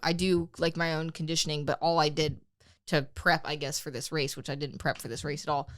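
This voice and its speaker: A young woman co-hosting a podcast, telling a story in a casual, animated way, swearing freely and laughing as she goes. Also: sits low, fairly quick. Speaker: podcast co-host.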